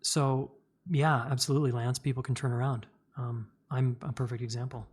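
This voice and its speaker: A man's voice: medium pitch, level tone, normal speed, husky. A middle-aged man hosting a podcast, answering listener questions in blunt, candid casual talk full of fillers and the occasional swear word. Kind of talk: casual spoken advice.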